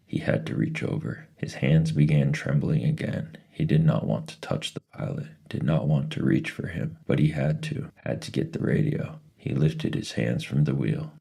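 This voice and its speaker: Extremely deep, gravelly male narrator. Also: dark tone. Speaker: reader. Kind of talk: audiobook narration.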